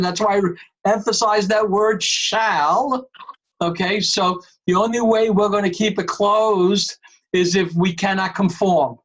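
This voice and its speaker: A man's voice: sits high, fairly even intonation, slow, a bit bright, poor audio. A man chairing an online board meeting over a video call, emphatic and calling on members by name.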